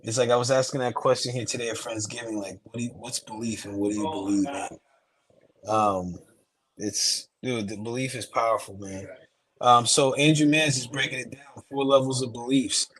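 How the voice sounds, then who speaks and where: A man's voice: mid-range voice, fairly even intonation, normal speed, a bit bright, slight background noise, poor audio. A man in a casual chat, talking in a laid-back, slangy, rambling way.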